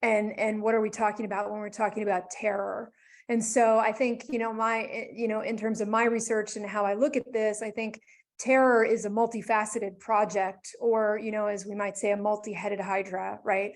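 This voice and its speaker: A woman's voice: mid-range voice, little pitch movement, normal speed. A woman speaking as a researcher on a webinar panel, thinking aloud and often restarting her phrases, talking over a video call. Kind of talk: academic panel discussion.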